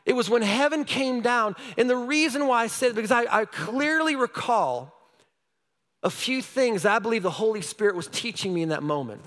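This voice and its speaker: Man, pastor, storytelling sermon, high voice, animated, loud and quiet swings, long hall reverb. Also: normal speed.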